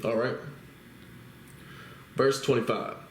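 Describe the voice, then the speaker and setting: A man's voice: medium pitch, slow, fairly bright tone, slight background noise. A man teaching the Bible, reading scripture aloud and then explaining it in casual talk, often checking in with listeners through tag questions. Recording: roomy echo.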